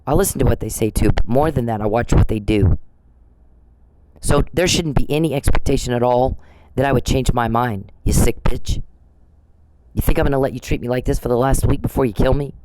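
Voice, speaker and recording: A man rants into the mic in a long, rambling monologue, swearing freely and hurling accusations as he circles back and restarts his sentences. His voice sits at an ordinary middle pitch. A steady hiss of noise runs under the whole recording. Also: a little fast. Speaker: podcast host. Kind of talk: ranting monologue.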